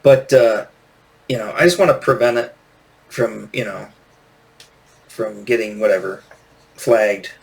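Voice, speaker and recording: A man's voice: fairly low pitch, unhurried, creaky, long pauses. Rambling, ranting man vlogging about records. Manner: many fillers and restarts. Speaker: vinyl channel host. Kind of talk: casual vlog talk.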